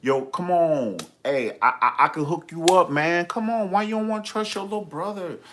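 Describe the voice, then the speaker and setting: A man voicing his younger brother, a smooth-talking amateur hairdresser who coaxes and pleads. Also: sits high, moderate pace, background noise, voice pushed up, natural voice. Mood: pleading.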